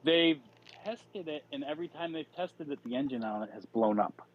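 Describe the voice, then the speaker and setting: A man's voice: a little high, animated, moderate pace. A man co-hosting a casual chat, blunt and skeptical, swearing as he makes his points. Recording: dull lo-fi mic with faint hiss.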